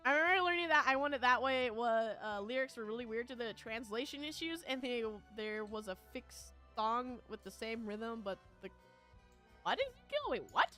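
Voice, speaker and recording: High, bright-voiced chatty woman streamer. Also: normal speed, hardly any pauses, soft background music. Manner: chatty, laughs often, rambling with fillers. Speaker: VTuber streamer. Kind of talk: casual chat with viewers, storytelling.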